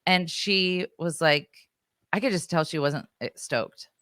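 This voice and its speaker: A woman's voice: low voice, measured pace, a bit bright, no echo, clean studio sound. A woman in her thirties co-hosting a podcast, chatting casually through a story with lots of fillers and acted-out quotes. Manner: chatty, filler-heavy, acts out quoted voices. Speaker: podcast co-host.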